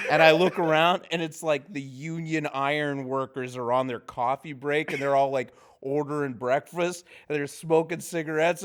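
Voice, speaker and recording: A man's voice: a little high, clean tone. A man, a film-set grip, telling a long anecdote on a casual podcast, laughing often. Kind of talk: casual storytelling chat.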